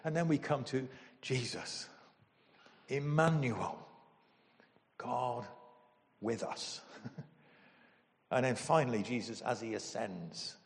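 A man preaching a sermon as pastor, emotional and animated, with sudden loud bursts. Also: mid-range voice, moderate pace, big-room sound.

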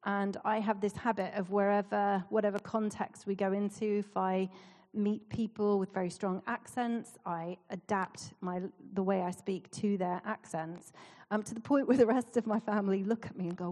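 A woman's voice: medium pitch, fairly even intonation, normal speed, a little mellow. A woman in her forties from Canada, a church leader giving a casual, self-deprecating sermon with frequent ums and small laughs. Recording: reverberant hall.

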